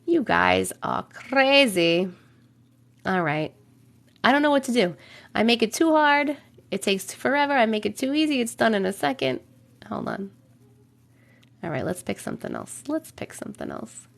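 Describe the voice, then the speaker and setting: High-pitched woman on a live stream at home, chatty and swears a lot, reads viewer stories out loud and laughs along. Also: very animated, moderate pace, gravelly, long pauses. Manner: chatty, swears casually, laughs and reacts while reading. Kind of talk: casual live-stream chat and story reading. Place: home room, alone.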